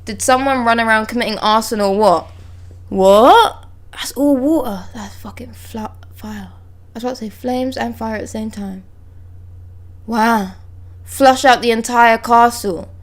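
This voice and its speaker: A young woman streaming live, reading manga dialogue aloud and breaking off to react with excited exclamations and swearing. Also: on the high side, normal speed.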